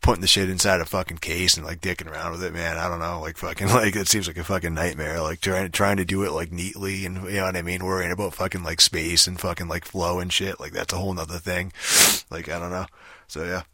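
A man's voice: low-pitched, little pitch movement, fast talker, bright, forceful tone, dry recording. A young man in a rambling casual rant, swearing constantly and filling gaps with "like" and "you know.". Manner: rambling, profane, many fillers.

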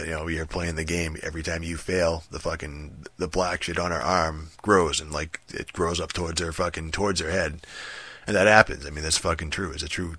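A man's voice: sits low, sharp tone, no room sound. A man ranting casually about a video game, profane and rambling, with many fillers and restarts. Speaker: gaming commentator.

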